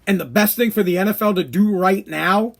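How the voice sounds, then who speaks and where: A man's voice: sits high, brisk, creaky. A man hosting his own podcast, ranting bluntly in a casual monologue and swearing often. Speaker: podcast host.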